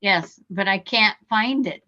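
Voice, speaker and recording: A woman's voice: medium pitch, a little slow, pushed and bright. A woman quilter chatting casually on a video call, rambling through a list of sources. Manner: rambling, lists sources in passing. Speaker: quilter in an online group chat. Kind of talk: casual chat. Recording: muffled video-call audio.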